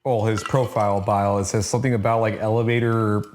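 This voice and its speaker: A man co-hosting an album review podcast, talking in a relaxed, hesitant way and filling pauses with "uh.". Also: fairly low pitch, slight background noise. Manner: relaxed, hesitant, lots of fillers. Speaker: podcast co-host. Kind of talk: casual album review chat.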